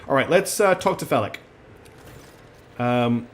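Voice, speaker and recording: A man's voice: medium pitch, lively intonation, measured pace, pauses often, slight background noise. Chatty male gamer narrating play. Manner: chatty, many ums and restarts, apologetic asides. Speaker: streamer playing a video game. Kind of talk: casual gameplay commentary, reading dialogue aloud.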